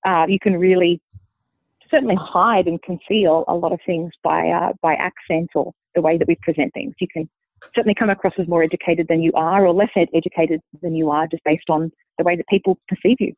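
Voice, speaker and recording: A woman with a softened Australian accent, a linguist guest explaining her views in a measured, thinking-aloud way. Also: lowish voice, steady tone, dry recording. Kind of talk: conversational interview answer. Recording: dry tinny phone-like line.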